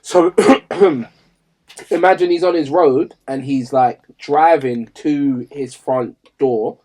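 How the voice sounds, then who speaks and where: Husky-voiced man telling a story. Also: fairly high pitch, slow. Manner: animated storyteller, acts out voices in anecdotes. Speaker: podcast co-host. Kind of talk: casual chat.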